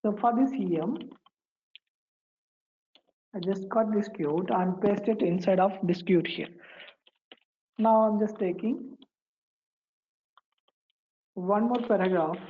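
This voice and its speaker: A woman walking through a coding tutorial, pausing and repeating phrases as she types. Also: medium pitch, highs cut off. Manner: halting, repeats phrases while typing. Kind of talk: screen-recorded coding tutorial.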